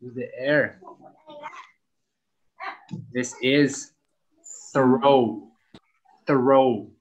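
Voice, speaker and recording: A man teaching English to young pupils, spelling out words letter by letter and repeating each word clearly for practice. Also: mid-range voice, fairly even intonation, extremely slow, a little mellow. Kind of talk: slow, clear classroom instruction.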